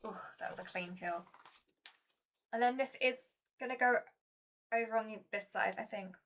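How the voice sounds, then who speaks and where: A woman's voice: on the high side, moderate pace, fairly bright tone. A woman chatting casually to her viewers while playing a board game, chatty and self-mocking.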